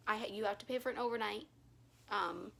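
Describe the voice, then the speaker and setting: A woman's voice: mid-range voice, a little fast, gravelly, fairly bright tone, slight background noise. Chatty woman vlogging from home. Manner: chatty, rambling, lots of "um" and self-corrections. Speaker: reptile keeper vlogger. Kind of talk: casual how-to vlog. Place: her home, indoors.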